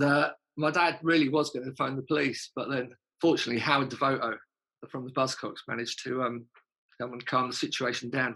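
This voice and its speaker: Musician guest, gravelly husky voice, chatty storyteller with lots of swearing. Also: male voice, mid-range voice, sharp tone, low-quality recording. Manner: chatty, laughing, swears freely. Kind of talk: casual anecdotal storytelling.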